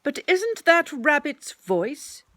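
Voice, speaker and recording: A woman voicing a slow, honey-loving toy bear in a storybook reading, talking in a ponderous, slightly greedy way. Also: sits high, sing-song, a bit bright, no room sound, pitched above the performer's own voice, heavily acted. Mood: calling loudly.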